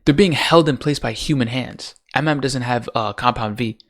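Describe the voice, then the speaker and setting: With a medium-pitched voice at a moderate pace, this man complains casually about how a TV series ended. He's a show commentator, swearing, exasperated, and asking one rhetorical question after another.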